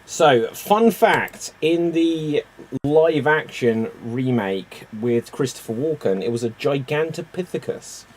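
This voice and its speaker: A man's voice: fairly high pitch, animated, takes it slowly. A man hosting a live improv comedy stream, handing out characters and calling for audience votes, with a loose manner and frequent laughs. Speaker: improv show host.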